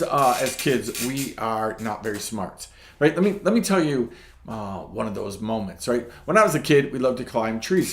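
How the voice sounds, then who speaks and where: A man's voice: medium pitch, a bit bright. A man hosting a ministry talk show, telling a childhood story in a casual devotional way and often checking in with "right?". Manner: storytelling, keeps asking "right?". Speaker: ministry host. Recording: echoey room.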